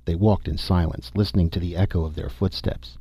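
Husky male audiobook narrator, steady delivery, close and dry. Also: sits low, a little fast, no echo. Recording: dull dry recording.

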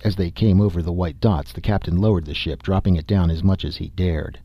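Deep husky male audiobook narrator. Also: no room sound, lo-fi sound. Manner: steady, measured reading with voiced characters.

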